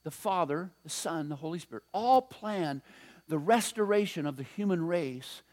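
A man with a notably high voice delivers a sermon. He talks casually and animatedly, slipping into storytelling and playful asides as he preaches. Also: lively intonation, normal speed, darkish tone. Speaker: pastor.

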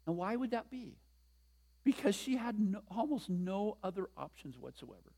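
An older male pastor delivers a sermon in a high-pitched voice. He talks conversationally, leans hard on key points and keeps asking the congregation questions. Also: big pitch swings, moderate pace, dark tone, husky. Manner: conversational, emphatic, asks the room questions.

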